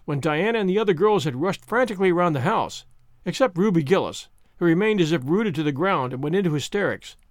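Audiobook narrator, male; high and animated, measured expressive reads, dry booth sound. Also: no echo.

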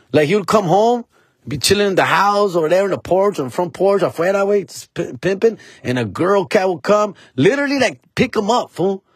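Slangy husky man telling stories. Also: a little high, a bit bright, dry recording. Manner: slangy, mixes Spanish phrases, calls listener "fool" and "dog". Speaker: podcast host. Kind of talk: casual storytelling.

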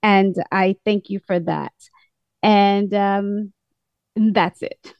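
A woman speaks with a British-sounding accent, calling into a program. She talks slowly and earnestly with measured pauses. The sound is close and dry. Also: medium pitch, fairly even intonation, no echo, muffled recording. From United States. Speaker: caller. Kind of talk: call-in testimony.

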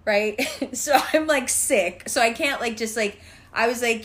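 A young woman in casual chat with friends, telling an animated story full of "like" fillers, acting out quotes and laughing often. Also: a little high, unhurried.

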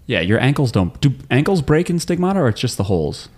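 A man's voice: medium pitch, big pitch swings, fast talker, darkish tone. A man co-hosting a podcast, joking and rambling with fillers as he recaps an episode. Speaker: podcast co-host. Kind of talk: casual chat recap.

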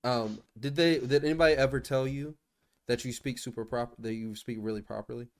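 A man's voice: mid-range voice, brisk. A man on a casual podcast, easygoing and teasing, pressing his own question into the talk.

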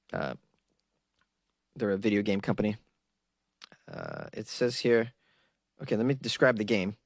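A man's voice: medium pitch, dry recording, clean studio sound. A man hosting a comedic news segment, chatty and joking, asking viewers questions. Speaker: comedy show host.

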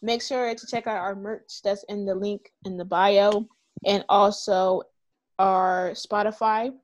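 A woman's voice: medium pitch, slow pace, lo-fi sound. Cursing, ranting woman podcast host. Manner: animated ranting with heavy cursing. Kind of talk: casual chat.

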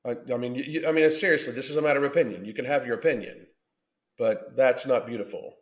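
A man's voice: mid-range voice, quick pace. A man hosting a podcast, ranting through a blunt, combative reaction commentary full of swearing. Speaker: podcast host. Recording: roomy echo.

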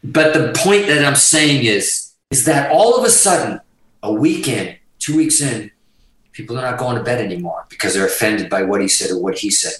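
A man's voice: medium pitch, normal speed, roomy sound, low-quality recording. A man telling a rambling road story as a guest in a casual interview, swearing constantly and jumping between thoughts. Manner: animated, profane, rambling. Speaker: guitarist guest.

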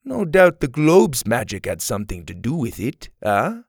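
A man's voice: medium pitch, wildly swooping pitch, normal speed, no echo, studio quality. A man voicing a playful, menacing male villain in a children's audio story. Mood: teasing. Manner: teasing, then threatening.

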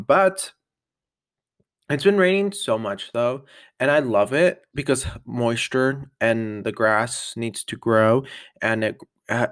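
A man's voice: mid-range voice, a bit bright, dry recording, clean studio sound. A man vlogging a casual catch-up, chatty and upbeat, rambling with lots of fillers and little laughs. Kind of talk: casual catch-up vlog chat.

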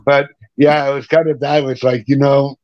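A middle-aged man, a punk rock singer, telling stories as a podcast guest in a casual, animated way, swearing and laughing between anecdotes. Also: mid-range voice, moderate pace, no room sound. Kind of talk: casual interview storytelling. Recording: dry, dull lo-fi sound.

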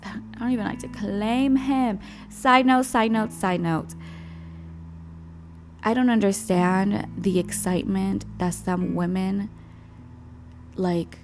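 Blunt, profane young woman over guitar music. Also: on the low side. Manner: blunt, slangy, profane storytelling. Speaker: podcast host. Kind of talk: casual solo podcast monologue. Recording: guitar music playing under the voice.

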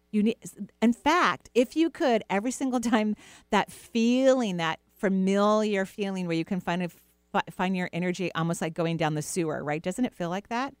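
A middle-aged woman hosting a call-in show, gently reassuring a caller with playful asides. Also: mid-range voice, no room sound, studio quality. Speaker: radio show host, intuitive healer. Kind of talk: casual advice talk to a caller.

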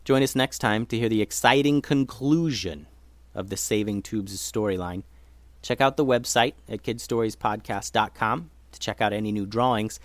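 A man narrating a children's story as host, expressive and shifting his pace. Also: on the low side, normal speed, dry recording.

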